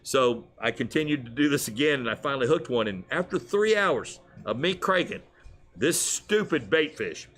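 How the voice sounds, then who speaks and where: Animated man telling fishing tales. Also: medium pitch, moderate pace. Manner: animated storyteller, laughs often. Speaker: fishing show co-host. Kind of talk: casual fishing chat.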